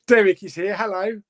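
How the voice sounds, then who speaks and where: A man's voice: sits high, noisy background. A middle-aged man hosting a casual live stream, chatting about films and reading out viewer comments, rambling with fillers and chuckling often.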